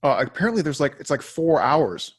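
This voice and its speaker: A man's voice: on the high side, big pitch swings, brisk, slightly rough. A man co-hosting a casual talk webinar and coaching clients, easygoing and a bit hesitant, often trailing off. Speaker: co-host and coach. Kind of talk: casual chat.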